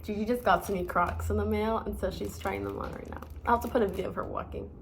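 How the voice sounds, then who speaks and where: A woman's voice: mid-range voice, steady tone, fast, vocal fry, a little hiss or hum. Chatty young American woman telling stories. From United States. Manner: chatty, lots of fillers and restarts. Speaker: vlogger. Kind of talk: casual storytelling to camera.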